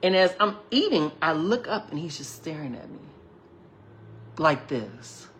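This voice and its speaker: A man hosting a livestream, telling a personal story to viewers in a chatty, animated way, often acting out quoted dialogue and thanking people between lines. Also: on the high side, a little slow, a little hiss or hum. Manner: chatty and animated, full of "like" and "you know". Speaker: livestream host. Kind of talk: casual storytelling to a live audience.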